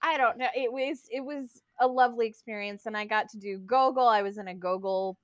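A young adult woman, a guest actor, chatting casually and telling lively stories about her acting training. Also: a little high, brisk, dry recording. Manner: animated storyteller, imitates teachers. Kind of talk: casual chat.

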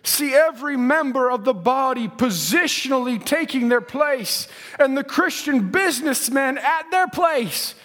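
A male preacher delivering a sermon, swinging from shouted, singsong lines to quiet asides. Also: very high-pitched, lively intonation, measured pace.

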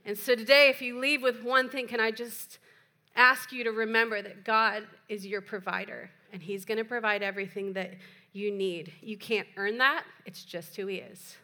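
Bright-voiced woman pastor preaching. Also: medium pitch. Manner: playful, chatty asides with laughter. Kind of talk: sermon. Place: church.

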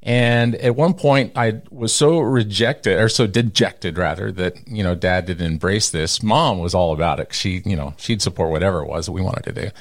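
A man's voice: normal speed, hardly any pauses. A middle-aged man from Texas, telling stories as an interview guest and acting out the people he quotes. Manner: animated storyteller who acts out quoted people with big pitch jumps. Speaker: radio personality, interview guest. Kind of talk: storytelling in an interview.

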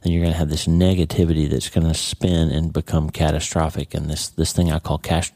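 A man's voice: a bass voice, level tone, a little fast, mellow, dry recording. A middle-aged man hosting a podcast, giving a casual devotional talk on reading Scripture, often checking in with "okay?" and "right?". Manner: conversational, with frequent "okay?" and "right?" tags. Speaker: podcast host and Bible teacher.

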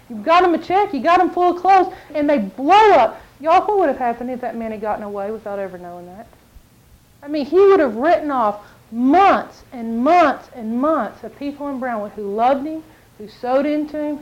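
High-voiced woman preaching. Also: muffled recording. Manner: animated storytelling, acts out quotes. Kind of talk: sermon.

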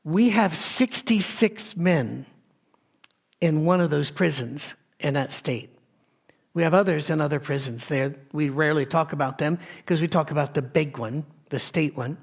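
Male pastor, mid-high voice, conversational sermon, storytelling, frequent restarts. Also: unhurried, vocal fry. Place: soundstage.

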